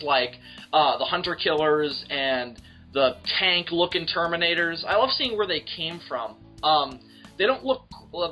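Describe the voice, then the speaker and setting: A man's voice: on the high side, pushed and bright. A man co-hosting a casual film discussion, emphatic and opinionated, and he swears freely. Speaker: podcast co-host.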